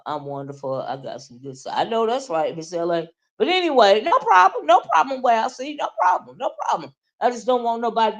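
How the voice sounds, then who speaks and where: Animated woman ranting on a livestream. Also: mid-range voice. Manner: animated, talks straight to viewers, frequent "right?" and "okay?". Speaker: livestream host. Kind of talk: casual livestream rant, reading chat.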